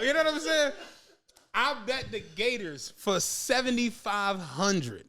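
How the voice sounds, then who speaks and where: High, lively man telling a story. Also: measured pace. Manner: animated, laughing, profane, acts out quoted voices. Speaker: podcast guest telling a story. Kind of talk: casual storytelling among friends.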